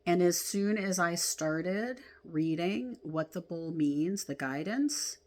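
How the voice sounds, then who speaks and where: A woman with a low, deep voice leads a spiritual class at a slow, unhurried pace. She talks gently and from the heart, letting out sighs and soft laughs as she reflects on oracle card guidance. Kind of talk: reflective spiritual talk, reading from oracle cards.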